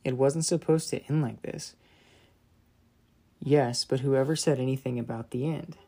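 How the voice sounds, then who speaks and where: This man narrates a children's Bible story in a mid-range voice at a measured pace, with vocal fry and a breathy edge. His storytelling is gentle and dramatic, softening in solemn moments.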